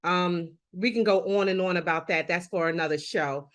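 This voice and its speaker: A woman's voice: on the low side, moderate pace. A woman in her forties hosting an interview, chatty and openly emotional. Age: 40s. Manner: chatty and warm-hearted, emotional. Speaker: host. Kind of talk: conversational interview.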